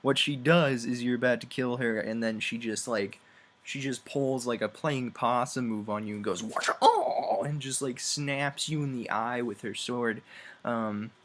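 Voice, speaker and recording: A young man giving a rambling, sarcastic comedic game review, acting out characters in quick voices. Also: mid-range voice, fairly even intonation, fairly bright tone.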